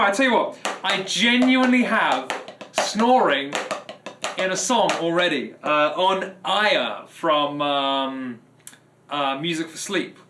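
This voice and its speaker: Man, streamer, casual rambling chat, higher-pitched voice, echoey room. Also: background noise. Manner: rambling, with frequent restarts and fillers. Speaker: streamer and drummer. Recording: echoey room with loud drumming behind.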